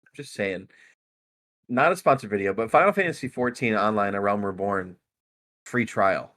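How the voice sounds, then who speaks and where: A man's voice: fairly low pitch, normal speed, fairly bright tone. A man co-hosting a podcast in casual chat, teasing and pushing his co-host with banter.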